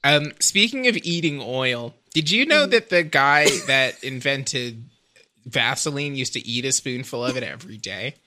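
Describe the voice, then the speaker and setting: Bright, excitable podcast co-host. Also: mid-range voice, measured pace. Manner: bright, excitable, swears freely. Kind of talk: casual chat.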